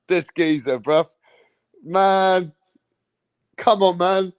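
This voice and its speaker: A man runs a boxing channel with a loose, streetwise style, scolding viewers in slang and adding "bruh" and "man" to what he says. His voice is a bit high, and he talks at a measured pace with long pauses. It's a casual livestream rant.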